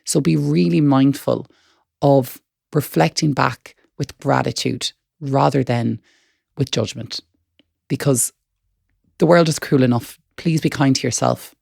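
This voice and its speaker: A woman's voice: very deep voice, a little slow, creaky, darkish tone, dry recording, clean studio sound. A woman co-hosting a wellness podcast, talking in an earnest, encouraging way and repeating words as she thinks. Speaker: podcast co-host. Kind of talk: reflective wellness chat.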